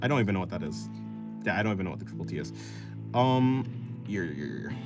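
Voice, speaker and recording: A young man with an American accent talks loosely while he draws. His pitch rises and falls a lot as he wanders through long explanations full of fillers and restarts. Plucked guitar music plays clearly behind him. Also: lively intonation, quick pace. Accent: General American. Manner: rambling, many "like" fillers and restarts, explaining at length. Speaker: art streamer. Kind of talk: casual chat while drawing.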